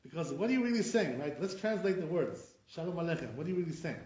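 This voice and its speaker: Rabbi with an echoey, higher man's voice. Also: sing-song, fast, a little mellow. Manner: corrective, repeats words to drill them, asks rhetorical questions. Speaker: rabbi teaching Hebrew pronunciation. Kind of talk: classroom lesson. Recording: echoey room sound.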